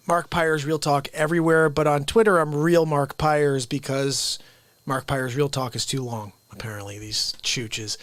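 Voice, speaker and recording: An energetic man hosting a live comedy stream, ranting and cracking jokes between bits. His voice sits fairly high, and the close microphone makes it sound dry and upfront. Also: dry recording. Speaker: livestream host. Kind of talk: live comedy talk show.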